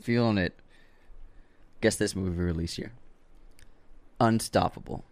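A man's voice: deep voice, a little slow, darkish tone, no echo. A young man co-hosting a podcast, reading a sponsor spot and joking in laid-back banter. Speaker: podcast co-host. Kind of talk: casual chat with ad reads.

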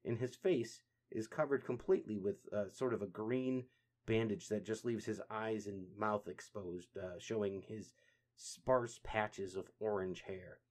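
A man's voice: on the low side, unhurried, darkish tone. A man hosting a podcast, casually narrating a comic book story. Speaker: podcast host.

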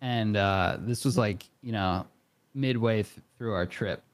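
A man's voice: lowish voice, a little slow, no room sound. A man, a podcast guest, telling a long story casually with lots of fillers and frequent laughter. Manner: animated, laughing often, many fillers.

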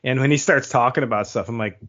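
A man's voice: medium pitch, quick pace, a bit bright. A man in his thirties hosting a podcast, chatting casually in rambling stories that he laughs through. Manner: rambling, laughs often between phrases. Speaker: podcast host. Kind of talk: casual chat. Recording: dull lo-fi recording.

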